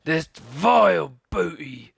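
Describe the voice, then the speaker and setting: A man's voice: on the high side, sing-song, takes it slowly, gravelly, a bit bright, breathy edge, no room sound, studio quality, voice pushed up, full character voice. A man voicing a mean, bearded pirate captain who roars and growls as he reads a storybook aloud. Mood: roaring. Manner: roaring, growling, gleeful menace.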